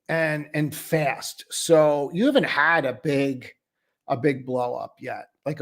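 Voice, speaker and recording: A man hosting a live trading stream, talking casually and bluntly through market charts with lots of filler words. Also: on the high side. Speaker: trading show host.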